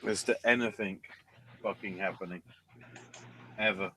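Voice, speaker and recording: Male podcast host, low voice, slow, sarcastic and profane. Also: steady tone, bright, forceful tone, slight background noise. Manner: profane, sarcastic, unhurried drawl. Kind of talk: casual wrestling recap chat.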